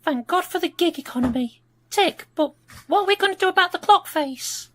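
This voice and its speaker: A blunt, bossy boss. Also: female voice, extremely high pitch, lively intonation, moderate pace. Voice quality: blunt, curt. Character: bossy, short-tempered woman in charge. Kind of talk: sketch comedy acting.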